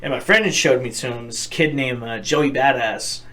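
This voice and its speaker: A man's voice: mid-range voice, moderate pace, pushed and bright. A young man co-hosting a podcast, talking in a rambling, profane, earnest way in casual chat. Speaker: podcast co-host.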